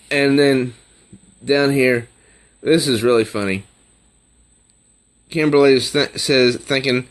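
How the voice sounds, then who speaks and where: A man casually reviewing a comic book, talking slowly and haltingly. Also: medium pitch, expressive. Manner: slow, halting, with fillers and restarts.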